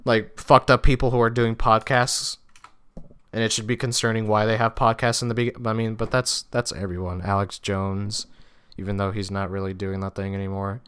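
A man's voice: on the low side, level tone, normal speed, a bit bright, clear, resonant tone. A young man hosting a solo podcast, rambling casually with lots of swearing, restarts and fillers. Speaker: podcast host. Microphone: podcast microphone.

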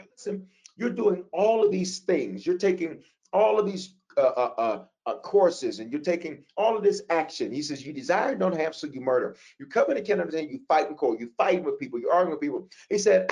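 A man leads a prayer class in a sermon style, with a slightly high voice that swings widely in pitch. He repeats phrases for weight and jumps into high, fervent bursts, then drops back into casual asides to his students. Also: a little mellow. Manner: preaching with emphatic repetition and sudden high outbursts.

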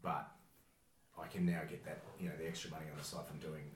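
A very deep-voiced Australian man in his younger adult years talks in a laid-back, rambling way. He swears freely and laughs often. The room around him sounds roomy and echoey, with a faint hum of ambience behind. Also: flat delivery, fast talker. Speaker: podcast guest, former bouncer. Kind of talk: casual chat.

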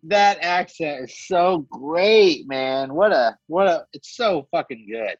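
A man's voice: on the high side, lively intonation, takes it slowly, dry recording, dull audio. A man co-hosting a podcast in casual chat, jokey and profane, rambling through his picks. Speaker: podcast co-host.

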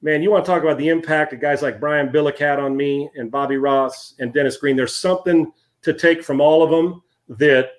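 A man in his fifties, a former football player and guest, telling casual stories in an animated way and often repeating words as he goes. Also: a little high, fairly quick. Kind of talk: casual storytelling.

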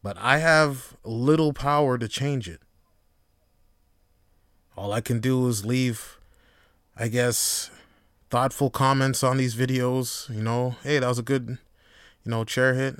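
Smooth-voiced man musing on a podcast. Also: mid-range voice, unhurried, dry recording, studio quality. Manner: profane, rambling, reflective, swings into animated storytelling. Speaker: podcast host. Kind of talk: casual solo podcast monologue.

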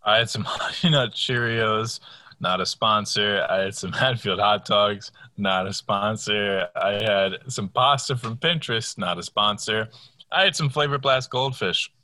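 A man's voice: fairly low pitch, a little slow, pushed and bright, no room sound. A young man co-hosting a podcast, tipsy, rambling and swearing in mock outrage. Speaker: podcast co-host. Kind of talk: casual drunk podcast banter.

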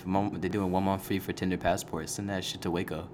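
A young man co-hosting a podcast in casual chat, teasing with quick banter. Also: low voice, level tone, a little mellow, a little hiss or hum. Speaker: podcast co-host.

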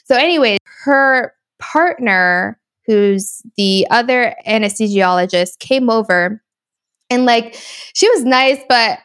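A woman's voice: a little high, slow, a bit bright, clean tone. A young woman, chatting casually and telling a story with many fillers. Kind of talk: casual chat.

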